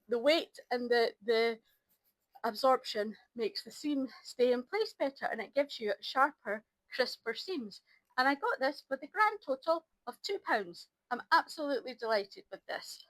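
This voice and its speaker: A middle-aged woman chats to camera from home, her voice sitting a little high. She rambles warmly through her crafting with plenty of ums and restarts, sounding a touch tired. The sound is dry and close, with no room echo. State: low on energy. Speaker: crafting vlogger. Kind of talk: casual chat to camera. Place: at home by an ironing board.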